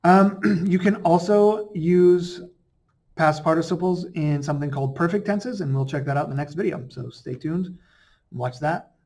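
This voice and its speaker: Casual, chatty Spanish teacher man. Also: on the high side. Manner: relaxed, chatty, slows down to pronounce Spanish words. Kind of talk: casual explanatory lesson.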